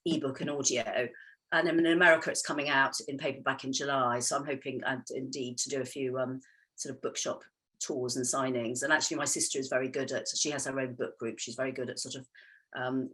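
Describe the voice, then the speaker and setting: Brief: woman author, low-pitched voice, chatty and full of ums. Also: fairly even intonation, brisk, a bit bright, husky. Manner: chatty, hesitant with many ums, laughs often. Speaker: novelist guest. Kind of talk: casual interview chat.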